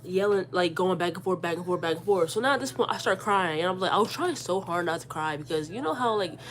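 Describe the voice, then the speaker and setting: A young woman vlogs a personal story in an animated, slangy style, repeating words and acting out what people said. Her voice is lowish and she talks fast.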